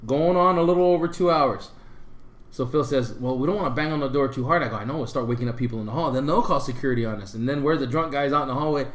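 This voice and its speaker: A man on a podcast casually telling a long, rambling story, full of fillers and animated retellings. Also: medium pitch, quick pace. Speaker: podcast co-host. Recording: roomy echo.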